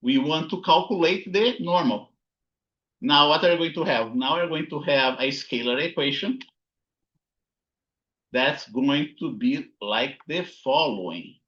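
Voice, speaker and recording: Slow, bright-voiced man teaching physics. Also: on the high side, highs cut off. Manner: thinking aloud, frequent "okay?" and "right?" checks. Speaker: physics instructor. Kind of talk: recorded lecture with slides.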